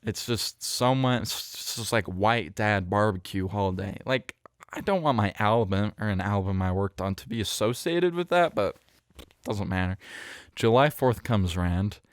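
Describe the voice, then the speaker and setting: A man's voice: fairly low pitch, animated, moderate pace, no room sound, studio quality. A young man hosting a podcast, telling a rambling story in a casual chat, with lots of fillers and restarts. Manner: rambling, self-correcting, with many fillers. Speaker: podcast host. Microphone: studio mic close up.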